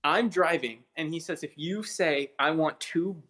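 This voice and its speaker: A man's voice: fairly high pitch, measured pace, fairly bright tone. A young man co-hosting a podcast in casual chat, joking and teasing his friend. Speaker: podcast co-host.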